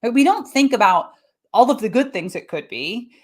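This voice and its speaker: A woman with a fairly high voice hosts an educational health podcast. Her pitch swings widely as she explains, and she slips into playful mini-voices for her examples. The delivery is chatty and expressive. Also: normal speed. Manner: animated, acts out little voices for examples. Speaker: podcast host. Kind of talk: live-streamed educational podcast talk.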